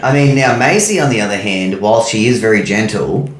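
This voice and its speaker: A man's voice: on the low side, animated, a little fast, echoey room, a little hiss or hum. A man with an Australian accent co-hosting a casual podcast, telling long rambling stories with plenty of swearing. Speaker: podcast co-host.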